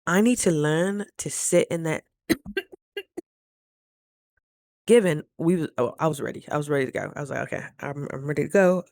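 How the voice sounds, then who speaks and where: A woman vlogger casually telling a story in a playful, expressive way. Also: sits low, a little fast, no echo, clean studio sound.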